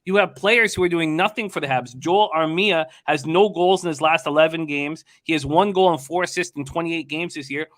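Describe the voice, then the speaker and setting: A man hosting a live betting show, his voice sitting a little high for a man. He rattles through numbers and reads viewer comments aloud in a loose, casual way. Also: brisk, hardly any pauses, fairly bright tone. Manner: reels off stats, reads chat comments. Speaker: sports betting show host. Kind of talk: casual sports betting talk.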